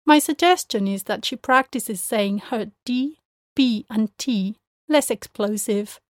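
A woman's voice: fairly high pitch, no room sound. Dry-voiced woman teaching pronunciation. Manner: clear, measured explanations that model Spanish words slowly. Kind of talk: scripted podcast lesson.

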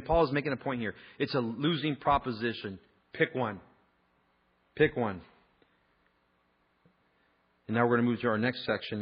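A man's voice: medium pitch, slightly rough, highs cut off. A man preaching a sermon, conversational and emphatic, mixing scripture with personal stories. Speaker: pastor.

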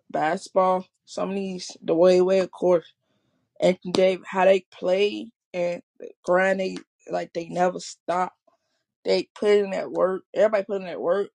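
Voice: mid-range voice, creaky, a little mellow. A speaker from Chicago with a Chicago accent, talking in a rambling, repetitive casual monologue. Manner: rambling, repeats and restarts often. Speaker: vlogger.

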